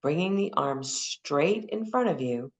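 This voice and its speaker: A woman teaching an anatomy class for massage exam prep, lively and repeating key terms and memory aids. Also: sits low, a little slow.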